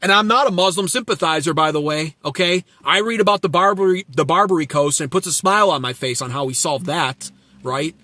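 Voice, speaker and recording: A man's voice: a little high, brisk, sharp tone, no room sound, clean studio sound. A man hosting his own channel, giving blunt, sarcastic political commentary full of swearing and answering viewers' chat. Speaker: channel host.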